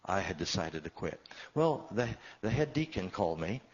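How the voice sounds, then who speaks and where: A very low-voiced man preaching his own story from the pulpit. His delivery swells and sinks with feeling, and the recording sounds dull and muffled. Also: very animated, moderate pace, slightly rough. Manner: emotional storytelling, voice swelling and dropping. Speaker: pastor. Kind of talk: sermon testimony.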